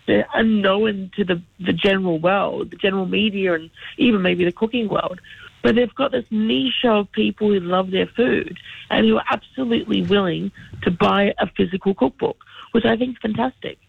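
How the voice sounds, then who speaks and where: Gravelly raspy man on a phone line. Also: high-pitched, moderate pace, dry recording. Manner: fluent, opinionated, explanatory. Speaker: regular radio contributor. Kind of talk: casual radio chat by phone.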